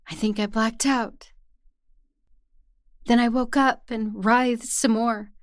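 A woman narrating a first-person horror story in a tense, hushed way. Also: a little high, no echo, studio quality. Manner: tense, hushed storytelling that rises to anguished cries.

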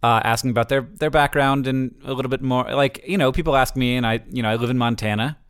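A man from Florida co-hosting a podcast in easy, casual chat. He stumbles and restarts his sentences often, then gets animated once his point comes together. His voice sits at an everyday middle pitch for a man. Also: clean tone. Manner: halting, with many restarts, animated. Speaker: podcast co-host.

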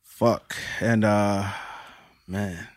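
A man's voice: fairly low pitch, fairly even intonation, drawn-out words, dry recording, clean studio sound. A man co-hosting a podcast in casual chat, slangy and laughing a lot.

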